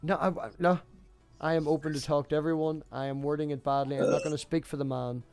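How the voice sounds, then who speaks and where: A man with an Irish border accent who talks fast and animatedly while hosting an open live-stream room, stoned. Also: fairly high pitch, level tone, music in the background. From Ireland, border area. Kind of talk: casual live-stream chat.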